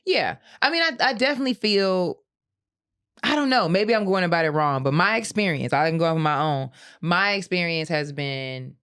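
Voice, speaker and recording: A woman's voice: lowish voice, normal speed, clean tone. A woman co-hosting a podcast, talking casually and telling stories with lots of laughter and acted-out voices. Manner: animated storyteller, laughs often, acts out voices. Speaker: podcast co-host. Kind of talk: casual chat.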